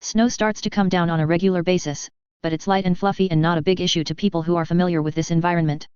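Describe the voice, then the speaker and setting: A woman reads first-person fan fiction aloud in a casual, wry voice, tossing in dry asides. Her voice sits a little low and is very smooth and clear. It is recorded close in a dead-dry space, with slightly dull, lo-fi sound. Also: fairly even intonation, fast talker, a little mellow, no echo. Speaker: reader.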